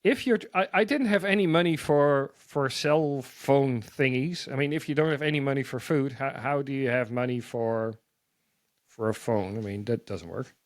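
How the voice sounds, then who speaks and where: A man sharing a personal testimony as a guest, halting and repeating words as he tells his story. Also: medium pitch, no room sound.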